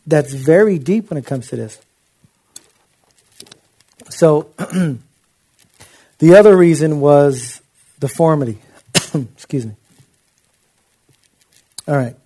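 A man's voice: fairly high pitch, darkish tone. A man preaching a sermon in an impassioned, conversational way, with frequent asides to his listeners.

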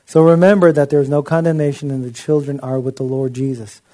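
A man's voice: medium pitch, level tone, fast talker, mellow. A man preaching a sermon in an impassioned, conversational way, with frequent asides to his listeners.

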